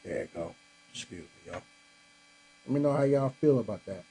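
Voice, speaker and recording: Medium-pitched and animated, with a dark tone at normal speed, a male podcast host chats casually with viewers on a live stream from his home, a Christmas tree in the room. He's laid-back but tired and yawning after a long day, talking directly to viewers and saying "y'all." The low-quality audio has a little hiss or hum.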